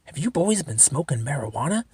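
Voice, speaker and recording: A man doing a smug young highway cop. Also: sing-song, brisk, a little mellow, slightly rough, no room sound, heavily acted. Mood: sly.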